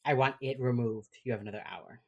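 Woman doing a low, clipped, tired male hostage-taker. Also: fairly even intonation, a little fast, husky, full character voice. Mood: curt.

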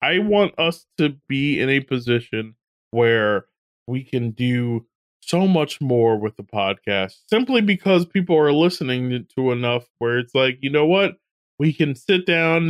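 A man's voice: medium pitch, expressive, a little slow, smooth, no echo, clean studio sound. A man co-hosting a podcast, chatting casually, laughing often and earnestly asking listeners to share the show. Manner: laughs a lot, earnest asides. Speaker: podcast co-host. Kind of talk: casual chat.

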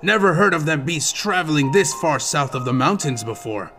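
A man's voice: on the high side, lively intonation, normal speed, pushed and bright, faint music behind. A man doing a grumbling, superstitious soldier. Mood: uneasy grumbling. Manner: blunt, grumbling.

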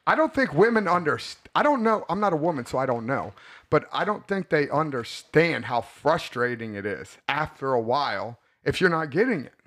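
A man's voice: fairly high pitch, animated, moderate pace, a bit bright. A man hosting a casual podcast chat, crude and rambling, who laughs often. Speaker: podcast host.

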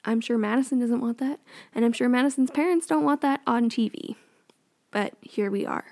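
A woman's voice: fairly high pitch, moderate pace, creaky, darkish tone. A young woman chatting casually and sarcastically as a vlogger recapping a TV show, full of opinions. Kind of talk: casual chat.

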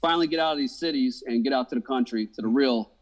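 A man's voice: medium pitch, quick pace. A man co-hosting a podcast in casual chat, blunt and ranting with constant swearing. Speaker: podcast co-host.

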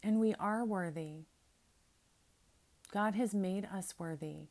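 A woman's voice: mid-range voice, slow, a little mellow. A woman pastor reading prayers aloud, then preaching in an earnest, conversational way with asides.

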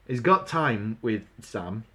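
A man, casually chatting as a podcast co-host and retelling scenes in halting bursts. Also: lowish voice, very animated, a bit bright. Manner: chatty, halting, recounts scenes with quoted lines. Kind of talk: casual chat.

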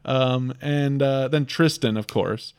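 A man's voice: medium pitch, takes it slowly, smooth. A man co-hosting a casual chat, telling a rambling story and laughing often. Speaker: podcast co-host. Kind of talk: casual chat about a video game.

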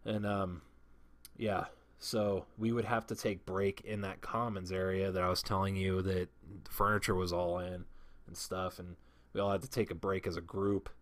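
A man's voice: low-pitched, flat delivery, moderate pace, no echo. A man telling a long personal story in a casual, profane, rambling way, often restarting his sentences.

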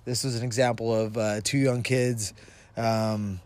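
A young man from Vancouver, Washington, co-hosts a casual podcast, telling a rambling story he laughs through while swearing freely. His voice is on the low side and darkish, with a level, unhurried delivery. The recording was made outdoors in the cold.

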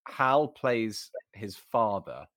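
Enthusiastic man, low dry voice. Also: big pitch swings, very slow, fairly bright tone, dry recording. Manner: enthusiastic, talks in bursts with restarts. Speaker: podcast co-host. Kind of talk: casual literary discussion.

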